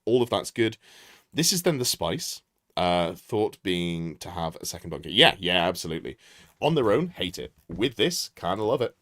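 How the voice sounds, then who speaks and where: Streaming live, a low-voiced man with a fairly bright tone talks through a tabletop army list, his pitch jumping around as he thinks aloud. He corrects himself mid-sentence and chats with viewers in passing, greeting them as he goes. The recording is dry and close, with no room around it.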